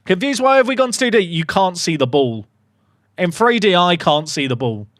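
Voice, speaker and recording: A young man streaming a football management game, commentating casually with sarcastic, excitable swings. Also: high voice, normal speed, dry recording, studio quality. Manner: animated, sarcastic, swings between excitement and mock despair. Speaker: gaming streamer.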